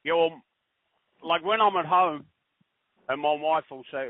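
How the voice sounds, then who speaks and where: Halting middle-aged man over a tinny line. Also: on the high side. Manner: rambling storyteller, halting restarts. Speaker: podcast guest. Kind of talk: casual chat. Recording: tinny phone-line audio.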